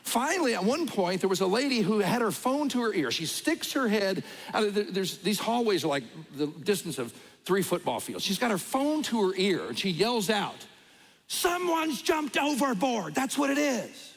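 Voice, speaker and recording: A middle-aged man preaches a sermon through a personal story, acting out each voice as he goes. His voice sits high and leaps about with lively swings. A long hall reverb trails behind every phrase. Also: normal speed. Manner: animated storyteller, acts out voices. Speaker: pastor.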